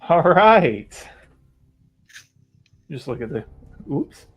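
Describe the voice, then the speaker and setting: A man playing a tabletop game in casual chat, joking and excitable. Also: a little high, extremely slow, husky, muffled recording. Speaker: player.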